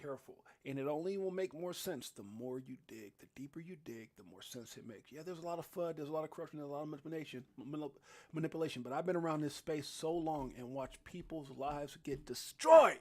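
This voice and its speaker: A man's voice: a little high, brisk. Rambling crypto livestream host, man. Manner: animated and rambling, with many restarts and fillers. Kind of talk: casual live-stream chat. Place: home studio in Las Vegas.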